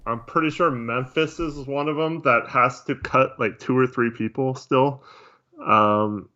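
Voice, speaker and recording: A man co-hosting a casual sports podcast, talking in a measured, hedging way. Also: mid-range voice, fairly even intonation, sharp tone. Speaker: podcast co-host. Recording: dull lo-fi mic.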